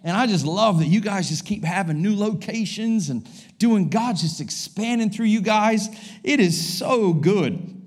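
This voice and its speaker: An American man in his forties delivers a sermon as a visiting pastor, his voice sitting notably high for a man. He is energetic and humorous, leaning into exclamations and jokes. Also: unhurried, breathy edge. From United States. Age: 40s. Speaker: guest pastor. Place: church service.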